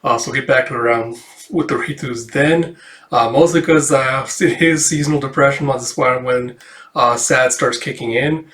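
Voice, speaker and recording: A man hosting a casual read-through, chatting in a relaxed way with lots of filler words. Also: mid-range voice, moderate pace, roomy sound. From Canada. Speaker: channel host.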